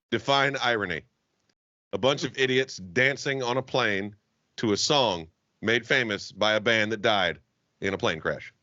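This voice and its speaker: A man's voice: fairly low pitch, unhurried, long pauses, bright, forceful tone, no echo, lo-fi sound. A man from the Southern US co-hosting a podcast, chatting casually with a profane, joking manner and frequent laughter. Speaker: podcast co-host. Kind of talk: casual comedic chat.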